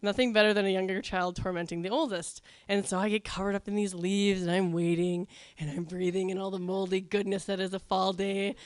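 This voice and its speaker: A woman spins a funny personal tale at a storytelling night, wry and self-mocking, dropping ums along the way. Her voice is smooth and clear at a middle pitch. The mic sound is close and dry. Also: steady tone, fairly quick, hardly any pauses, dry recording.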